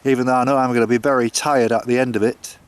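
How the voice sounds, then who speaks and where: A man's voice: mid-range voice, little pitch movement, quick pace. A man walking a coastal path and chatting to the camera, hesitant, with many fillers and restarts. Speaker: walking vlogger. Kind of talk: casual chat to camera.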